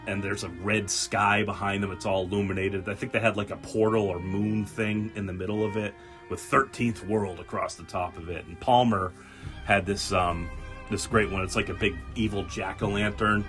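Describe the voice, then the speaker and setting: A man hosting a casual podcast, telling stories in an animated way and acting out quoted people with laughter. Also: lowish voice. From New England. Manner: animated storyteller, acts out quotes, laughs often. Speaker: podcast host.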